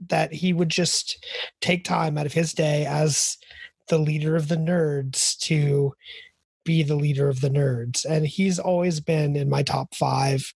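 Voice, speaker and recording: Husky, enthusiastic man hosting a podcast. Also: on the high side, steady tone, measured pace, darkish tone, no echo. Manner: enthusiastic, chatty, many fillers. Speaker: podcast host. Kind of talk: casual chat.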